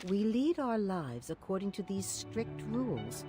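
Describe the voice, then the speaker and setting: A woman's voice: medium pitch, sing-song, unhurried, music in the background. An actress voicing a philosophical woman in a game, questioning truth and fixed rules. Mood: musing. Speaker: game character. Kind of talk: game voice acting.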